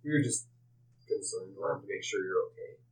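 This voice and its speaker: A man's voice: sits low, a little fast, far from the mic. A man playing a tabletop game, asking plain, earnest questions in character. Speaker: player. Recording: faint background noise.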